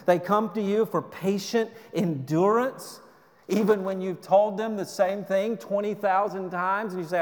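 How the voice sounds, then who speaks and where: A man with a notably high voice preaches in earnest, urging tones, often stumbling and restarting mid-phrase. His sermon rings out with a long hall reverb, as if from a church sanctuary. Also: unhurried. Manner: earnest, exhorting, with frequent restarts. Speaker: pastor.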